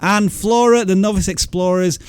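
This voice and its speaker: A man's voice: high-pitched, normal speed, smooth, no echo. A man hosting a casual livestream, chatty and laughing often as he reads viewer messages aloud. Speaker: livestream host.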